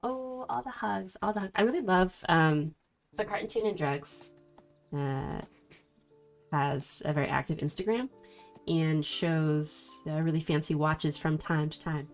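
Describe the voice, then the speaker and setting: A woman with a somewhat low voice chats casually through a livestream as she works through tarot cards. She greets her viewers affectionately. Quiet music plays faintly in the background. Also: measured pace. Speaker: streamer reading tarot cards.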